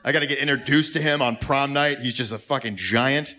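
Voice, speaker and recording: A man doing a stand-up comedy routine, acting out scenes with animated delivery. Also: medium pitch, brisk.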